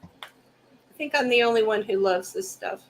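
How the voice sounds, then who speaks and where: A woman answers questions about her item on a live selling stream. Her voice is high and slow, and her replies are brief and plain. Faint noise runs behind her. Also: poor audio. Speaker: reseller showing an item. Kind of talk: casual live-stream chat.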